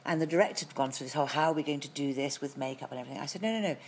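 Middle-aged british actress w a low voice spinning long stories, lots of restarts, faint hiss behind. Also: female voice, very fast. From Britain. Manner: lively storytelling with frequent restarts. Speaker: actress as guest. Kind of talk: anecdotal interview chat.

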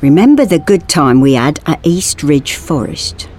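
A woman's voice: sits low, big pitch swings, a little slow, a little mellow, full character voice. A woman voicing an anxious, earnest young male store worker who presses his worries urgently. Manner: urgent, insistent.

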